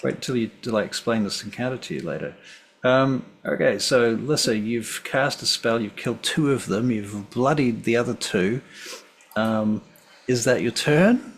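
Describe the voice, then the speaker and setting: A man's voice: mid-range voice, normal speed, slightly rough. A man running a tabletop game as game master, easygoing and thinking aloud as he tallies dice.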